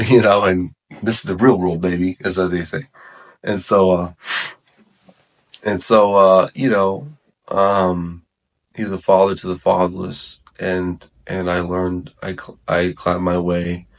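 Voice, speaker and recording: Speaking at a measured pace in a very low voice, this guest relaxes into telling how he came to faith. It's an unscripted-sounding conversation where he wanders, fixes his own sentences halfway through, and keeps saying "like" and "man."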